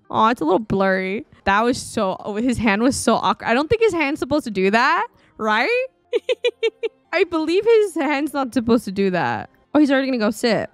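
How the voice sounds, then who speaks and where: Woman, let's-play commentary, excitable, chatty, dry close sound. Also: fairly high pitch, moderate pace, no echo. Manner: chatty, excitable, often laughing. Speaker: gaming YouTuber. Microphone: studio desk mic.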